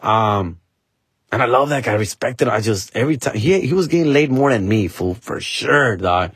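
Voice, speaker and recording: A man's voice: medium pitch, lively intonation, moderate pace, a bit bright, husky, no room sound. A man, hosting a podcast and telling a story casually, dropping Spanish phrases and calling the listener "fool" and "dog". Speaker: podcast host.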